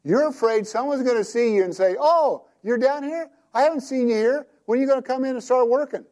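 A man's voice: very high-pitched, a little fast, a little mellow, pitched above the performer's own voice. A man voicing his wife as a knowing woman who needles him with pointed questions while he retells a story in a sermon. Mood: teasing.

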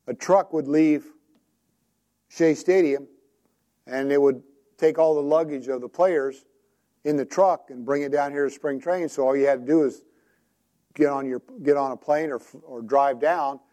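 This sermon comes from a preacher whose voice is mellow and slightly high, his manner easy, conversational and unforced. Between stories he keeps putting questions to the listeners, moving at a measured pace with frequent pauses.

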